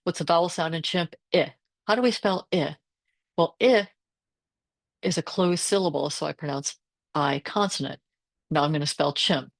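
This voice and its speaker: A woman's voice: low-pitched, fairly even intonation, fairly quick, vocal fry, no echo. A woman reading tutor presenting a teacher workshop over a video call, explaining her lessons and modelling phonics sounds aloud.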